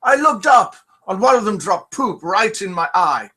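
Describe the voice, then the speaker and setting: Figure: a jolly, battered pirate man, cheerfully shrugging off his injuries, read aloud by a man in a joke. The voice is pitched well above a normal speaking voice, bright and lively, and its high, excited storytelling sweeps up and down. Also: normal speed, heavily acted.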